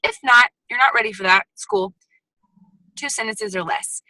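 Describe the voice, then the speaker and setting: A woman giving a motivational sales training talk over a video call, lively and sassy with chatty asides. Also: a little high, moderate pace, dry recording, low-quality recording. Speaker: guest speaker at a sales team training.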